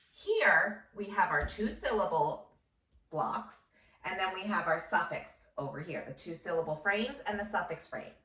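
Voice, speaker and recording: A woman's voice: medium pitch, pushed and bright, recorded from a distance. A first grade teacher, a woman, giving a patient phonics lesson and sounding out words syllable by syllable. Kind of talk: slow phonics lesson for children. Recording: echoey room, voice off-mic.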